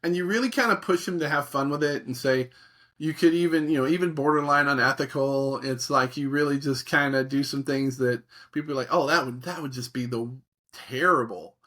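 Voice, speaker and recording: Middle-aged male guest, mid-pitched, lively storyteller who voices quoted reactions. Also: brisk. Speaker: guest, creativity facilitator. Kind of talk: conversational interview.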